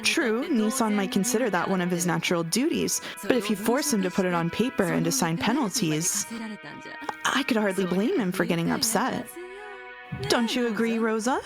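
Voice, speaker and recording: A woman's voice: medium pitch, lively intonation, moderate pace, close to an everyday voice. A woman reading a falsely sweet noblewoman. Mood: falsely kind. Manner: smooth, sickeningly kind. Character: sly middle-aged aristocratic woman, falsely sweet. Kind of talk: dramatic reading of a visual novel. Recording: music playing behind.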